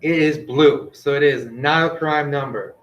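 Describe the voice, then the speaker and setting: A male teacher giving a classroom math lesson, gently directing students and quizzing them with questions. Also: a little high, unhurried, lo-fi sound. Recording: echoey classroom.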